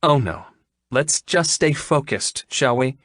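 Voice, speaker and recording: A man voicing a prim, exasperated young woman doctor in an audiobook, with a crisp, scolding manner. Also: medium pitch, animated, slow pace, a bit bright, no room sound, clean studio sound, pitched above the performer's own voice. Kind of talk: audiobook character reading.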